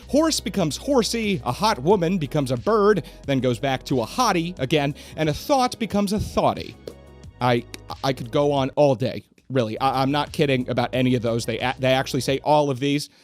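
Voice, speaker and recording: A man's voice: medium pitch, expressive, brisk, faint music behind. A man hosting a comedic scripted narration, sarcastic and exasperated, with swearing. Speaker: host.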